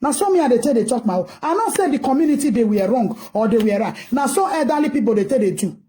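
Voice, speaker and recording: A woman's voice: fairly high pitch, expressive, fast, mellow. A Nigerian woman giving ranting commentary, scolding and asking rhetorical questions in a mix of English and Pidgin.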